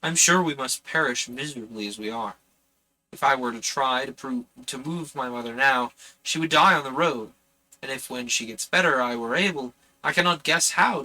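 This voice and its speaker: A poor young woman pours out a tearful, pleading letter for help, voiced by a man reading it plainly. The voice is very bright and edgy, at an ordinary mid pitch for a man. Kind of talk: reading a letter aloud from a novel.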